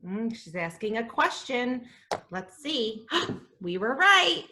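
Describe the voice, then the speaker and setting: A high, bright woman's voice leading a reading lesson for young children. She is animated, gasps in delight and sounds out letters slowly. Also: slight background noise. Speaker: kindergarten teacher.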